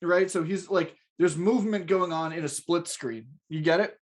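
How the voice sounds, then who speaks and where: A man's voice: a little high, normal speed. A man co-hosting a podcast, reading stage directions from a script and chatting in a crude, joking way, often laughing. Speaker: podcast co-host. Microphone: podcast mic.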